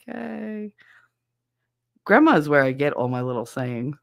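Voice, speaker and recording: Hosting a casual chat show, a woman vents bluntly, swearing often, laughing a lot, and giving shout-outs to the chat. Her low voice is very animated yet unhurried, with vocal fry. The studio sound is clean, with no room sound.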